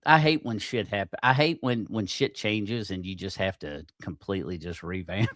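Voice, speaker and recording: A man's voice: fairly low pitch, normal speed, fairly bright tone, dry recording, clean studio sound. A man hosting a casual livestream podcast, swearing freely, getting aggravated and laughing at himself. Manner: profane, easily aggravated, self-mocking. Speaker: podcast host.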